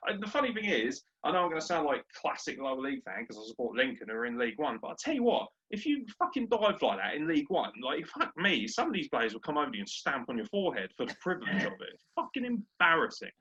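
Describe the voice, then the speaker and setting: A man's voice: a little high, sing-song, fast, few pauses, bright, forceful tone, breathy edge. Brash sweary man ranting. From Britain. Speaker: podcast co-host. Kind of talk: casual sports chat. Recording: dull lo-fi audio.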